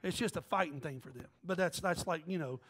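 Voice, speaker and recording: A male pastor delivers a lively storytelling sermon, slipping in and out of quoted voices and jokes. His voice sits fairly high for a man. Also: brisk. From American South. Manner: animated, joking, jumps between quoted voices.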